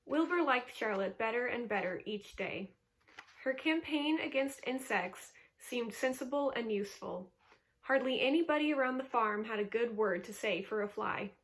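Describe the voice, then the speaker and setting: A woman reading a classic children's novel aloud in a calm, steady voice. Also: fairly high pitch. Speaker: reader.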